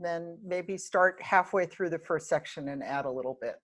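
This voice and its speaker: A woman with a slightly low voice hosts a relaxed online chat. She talks easily about her own habits and laughs at herself. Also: moderate pace. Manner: chatty, self-deprecating, laughs often. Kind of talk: casual webinar chat.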